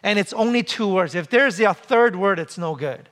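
High-voiced man preaching with humor. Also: animated, normal speed, a bit bright. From came to the US as a child. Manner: conversational preaching with humor and rhetorical questions. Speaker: pastor. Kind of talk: sermon.

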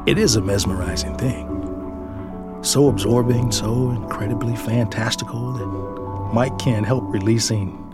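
A man's voice: mid-range voice, unhurried. A father telling a scripted personal story in a reflective, tender way, sometimes dropping to a whisper, over background music.

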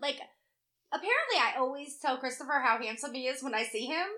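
A woman co-hosts a casual podcast in a high, very lively voice that is bright and ringing. She is blunt and teasing, tossing out jokes as she chats. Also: fairly quick. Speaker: podcast co-host. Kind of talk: casual chat.

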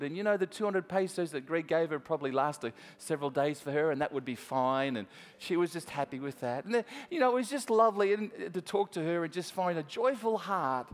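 With a voice on the high side, an Australian man gives a church sermon that sounds like it was recorded in a big room. He narrates casually, often restarting his sentences, and addresses the congregation head-on.

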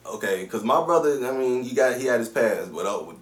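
A man co-hosting a podcast, telling a long story in a casual, slangy, animated way with lots of swearing. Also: mid-range voice, fairly quick. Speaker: podcast co-host. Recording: roomy, distant mic.

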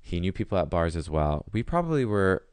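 A man's voice: deep voice, a little fast, clean tone, dry recording. A young adult man, a podcast guest, telling a story casually and acting out the quotes. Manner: animated storyteller who acts out quotes.

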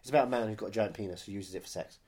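A man's voice: on the low side, racing, a little mellow. A man co-hosting a film podcast, riffing with crude jokes and a running stream of asides. His talk is loose and casual. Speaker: podcast co-host.

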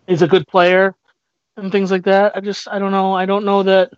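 Male co-host, halting delivery, dead-dry, dull sound. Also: high voice, monotone, clear, resonant tone, no echo. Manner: hesitant, halting, repeats words. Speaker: podcast co-host. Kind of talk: casual chat.

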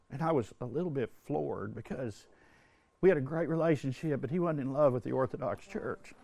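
A man's voice: a little high, vocal fry, mellow, no room sound. Earnest older man, dry close sound. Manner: earnest, halting, with frequent restarts. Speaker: retreat speaker. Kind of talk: personal storytelling at a religious retreat. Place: indoor retreat hall.

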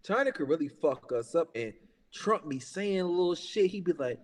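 Heated, profane man ranting, fairly high voice. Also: expressive, moderate pace, long reverb tail. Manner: profane, emphatic, repeats himself and says "bruh". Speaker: podcast talker. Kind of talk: heated casual podcast rant.

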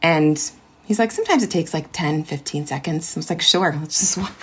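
Interview guest: a woman in her forties, chatty and animated, reliving a story with fillers and quoted lines. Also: deep voice, a little fast, husky. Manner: animated retelling with many fillers and quoted dialogue. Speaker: interview guest, ed tech worker and former teacher. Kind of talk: casual storytelling.

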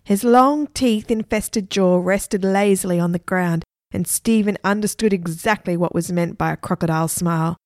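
A woman narrating a children's storybook with lively, expressive delivery. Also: mid-range voice, normal speed, few pauses, dry recording, studio quality. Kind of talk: storybook reading.

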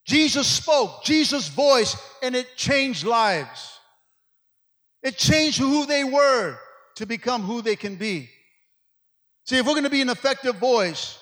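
Sweaty fired-up preacher guy, really high voice, big reverb like a hall. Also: big pitch swings, takes it slowly, a bit bright. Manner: call-and-response, frequent amens. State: sweating from exertion. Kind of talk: energetic sermon. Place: church.

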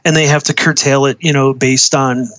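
A man's voice: mid-range voice, flat delivery, normal speed, a bit bright, no room sound. A man who works as a uniform designer, speaking casually in an interview, with many ums, uhs and restarts. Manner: hesitant, many fillers and restarts.

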